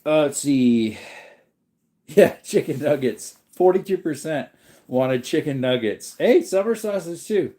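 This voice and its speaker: A man hosting a livestream, reading viewer comments aloud in a relaxed, rambling way while yawning. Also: fairly high pitch, unhurried. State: sleepy, yawning. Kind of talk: casual chat.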